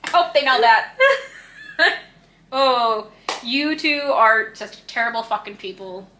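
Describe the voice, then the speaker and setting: A woman's voice: on the high side, lively intonation, slow pace, pushed and bright, roomy sound, slight background noise. A young woman co-hosting a podcast, telling a blunt story, swearing freely and acting out the voices of people she quotes. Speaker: podcast co-host. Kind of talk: casual storytelling.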